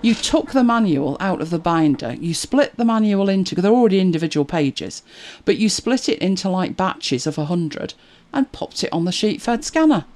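A middle-aged woman chatting to camera as a video creator, animated and exasperated, laughing at herself. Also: on the low side, moderate pace, few pauses. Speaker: YouTube creator. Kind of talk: casual chat to camera.

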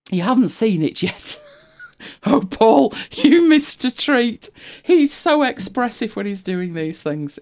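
A co-host chatting loosely on a talk show, rambling with many fillers and restarts. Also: mid-range voice. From United Kingdom. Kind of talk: casual panel chat.

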